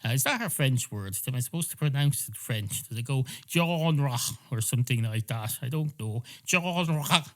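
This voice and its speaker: A man's voice: medium pitch, lively intonation, fairly quick, hardly any pauses. An Irish man hosting a podcast, telling an improvised comic story in a rambling, self-deprecating way full of hesitations. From Ireland. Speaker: podcast host.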